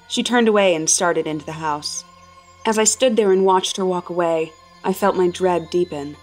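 A woman narrating a first-person horror story at a measured, tense pace, her pitch sitting mid-range for a woman. The delivery is steady and deliberate, with a creeping unease. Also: faint music behind.

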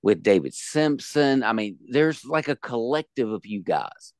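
A man hosting a podcast, joking and talking in a loud, animated way. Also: medium pitch, unhurried, no echo, studio quality. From United States. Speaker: podcast host. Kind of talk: casual podcast chat.

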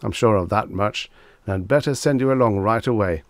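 A man's voice: on the low side, fairly quick, no echo, lightly acted. A man voicing a flustered, tipsy male figure of Death who wails and frets. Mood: fretful. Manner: anxious, wailing complaints.

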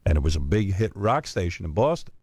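A man's voice: sits low, very animated, fairly quick, a little mellow, breathy edge, no room sound. A man hosting a radio show, telling a long story and acting out the voices of the people in it. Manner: acts out other people's voices, with emphatic asides. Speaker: radio host. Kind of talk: animated storytelling.

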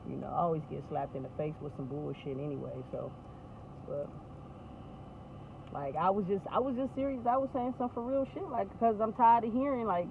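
A woman's voice: lowish voice, fairly even intonation, brisk, gravelly. A woman venting in casual, profane talk on a phone call, laughing often. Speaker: vlogger. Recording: tinny phone line, faint noise.

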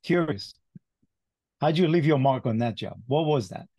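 A man hosting an interview, asking casual, halting questions. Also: mid-range voice, animated, mellow, no room sound. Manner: casual, hesitant questioning with restarts. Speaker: interview host.

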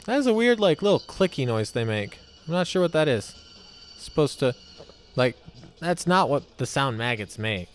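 A man's voice: fairly high pitch, very animated, moderate pace, faint music behind. A man giving casual, goofy commentary while playing a video game, talking to the enemies and cracking crude jokes. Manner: goofy, talks to enemies, silly voices and swearing. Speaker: gameplay commentator. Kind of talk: casual let's-play commentary.

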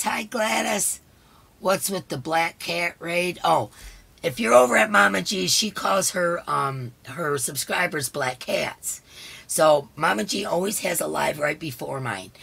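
A hoarse woman hosting a casual live stream. She chats along and greets each viewer by name. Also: on the low side, fairly bright tone. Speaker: livestream host.

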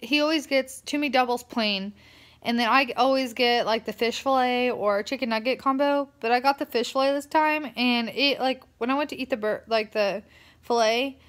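A young woman talks straight to her camera in a loose, rambling vlog, sounding tired. Her voice sits a little high, and she strings thoughts together with constant fillers. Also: a bit bright. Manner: chatty, rambling, lots of "like" fillers. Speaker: vlogger. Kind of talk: casual vlog rant.

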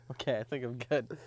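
A young man co-hosting a podcast, chatting casually in halting replies with dry asides. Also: medium pitch. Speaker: podcast co-host. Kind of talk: casual chat. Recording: noisy background.

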